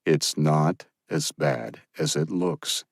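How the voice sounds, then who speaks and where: A man's voice: a bass voice, wildly swooping pitch, takes it slowly, gravelly, no room sound, exaggerated voice. A man voicing a wry, understated male captain in an audiobook, with dry jokes. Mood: wry, calm. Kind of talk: audiobook character reading.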